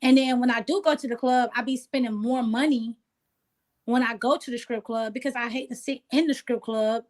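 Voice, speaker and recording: A woman talking as an interview guest in casual chat, relaxed and streetwise, often asking "you know what I'm saying". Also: on the high side, fairly quick.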